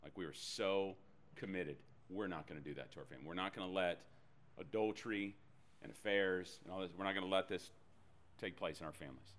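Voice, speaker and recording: A man preaching a sermon, telling a personal story with animated delivery and self-deprecating humor. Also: low voice, a little fast. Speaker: pastor.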